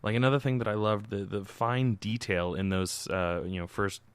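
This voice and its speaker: A man co-hosting a podcast, talking in halting, enthusiastic casual chat. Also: fairly low pitch, clean tone, dry recording. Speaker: podcast co-host.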